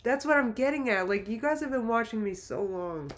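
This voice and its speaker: Her voice sits on the high side, expressive and a little fast. She's a YouTube livestream host in her late thirties, casually going through viewer comments in an emotional, meandering manner full of restarts.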